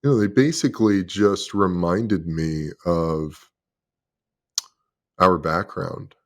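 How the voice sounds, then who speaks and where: A man's voice: low-pitched, slow pace. A man in his thirties, a former pro football player, tells his personal story as a guest in an emotional, confessional way and swears freely.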